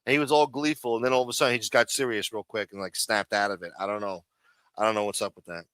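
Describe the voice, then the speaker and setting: Guy streaming live, ranting and swearing, bright voice, dry mic. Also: on the low side, fairly even intonation, fast talker, smooth, dry recording. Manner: profane, rambling, exasperated. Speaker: live-stream host reacting to a clip. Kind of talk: casual live-stream commentary.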